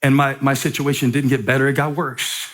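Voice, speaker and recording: A man preaching a sermon in a church, reading a letter aloud with dramatic pauses and repetition. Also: medium pitch, little pitch movement, fairly bright tone. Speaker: pastor. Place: church sanctuary.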